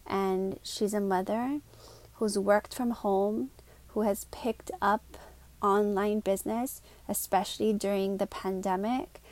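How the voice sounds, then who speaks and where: A woman hosting a solo podcast, talking in an earnest, confiding way, with quick asides and slowed words for emphasis. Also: medium pitch, steady tone, a little mellow. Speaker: podcast host. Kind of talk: reflective solo podcast monologue.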